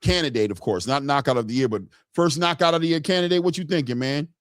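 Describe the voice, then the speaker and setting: A man hosting a casual boxing livestream, talking in an excitable, slangy way and hollering often. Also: on the high side, fast talker, smooth, no echo, clean studio sound. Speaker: boxing commentary host. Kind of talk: casual livestream fight commentary.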